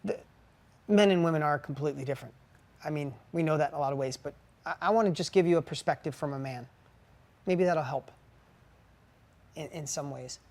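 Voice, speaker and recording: A man's voice: a little high, fairly quick, long pauses, darkish tone. A middle-aged man co-hosting a podcast with his wife, talking candidly in an earnest, heartfelt, confessional way and telling stories with animation. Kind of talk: candid conversational podcast talk.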